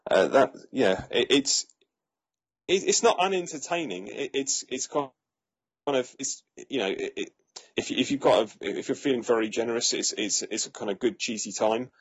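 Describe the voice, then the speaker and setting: A man's voice: mid-range voice, lively intonation, normal speed, breathy edge. A man casually reviewing a film, talking with many fillers and restarts. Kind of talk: casual chat.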